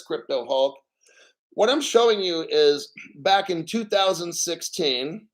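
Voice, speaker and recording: A man hosting a crypto video channel, talking in a brash, profane, jokey way and stressing words by saying them slowly. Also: a little high, fairly bright tone. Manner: emphatic, repeats words slowly. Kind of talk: casual crypto vlog commentary.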